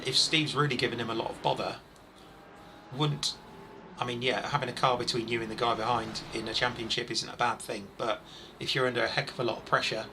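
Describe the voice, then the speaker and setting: A man over forty doing live, chatty commentary on a sim race, excitable when incidents happen. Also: medium pitch, noisy background.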